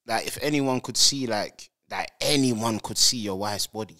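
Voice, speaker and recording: A young man, co-hosting a live call-in show, animated and keeps checking you follow him. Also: lowish voice, normal speed, no echo, clean studio sound. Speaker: co-host. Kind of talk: casual live call-in banter.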